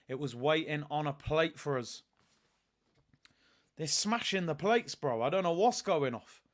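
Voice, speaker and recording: A man hosting a live football watch-along, chatting to his viewers in slang and bursting into shouts whenever a chance comes. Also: on the high side. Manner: excitable, erupts into shouts at chances; slangy, chats to stream viewers. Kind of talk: live match reaction commentary.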